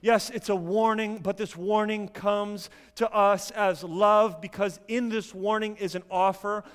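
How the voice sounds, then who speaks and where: A man preaching a sermon, emphatic at times and dropping to quiet intensity. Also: high-pitched, fairly even intonation, measured pace, smooth, long reverb tail.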